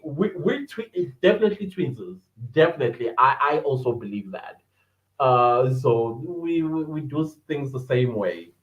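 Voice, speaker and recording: Male host, slightly high voice, slow and chatty, laughs often, echoey room. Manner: chatty, laughs often, greets viewers by name. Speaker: podcast host reading live chat. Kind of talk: casual livestream chat. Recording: echoey room, dull lo-fi sound.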